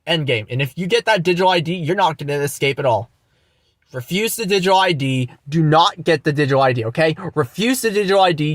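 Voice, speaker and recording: A young man rants into the camera with anger and scorn, swearing and repeating himself for emphasis. His voice sits a little high for a man. The sound is close and dry, with almost no room echo. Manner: angry, mocking, profane, repetitive. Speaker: channel host. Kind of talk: ranting monologue vlog.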